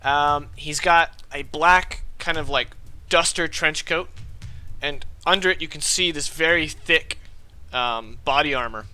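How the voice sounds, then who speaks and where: A man's voice: fairly high pitch, unhurried, sharp tone, clear, resonant tone, soft background music. A man running a tabletop game as game master, narrating casually with fillers and restarts.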